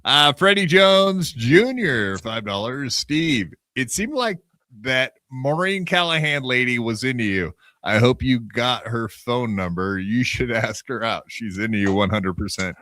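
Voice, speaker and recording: A man's voice: medium pitch, unhurried, bright, forceful tone, no room sound, clean studio sound. A man co-hosting a podcast, teasing and joking with his co-host in casual banter. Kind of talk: casual chat.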